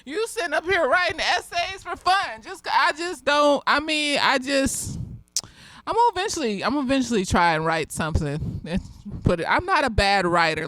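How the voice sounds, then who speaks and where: A slightly tipsy woman therapist giving a casual, profane review with lots of giggling and animated storytelling. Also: on the high side, no room sound.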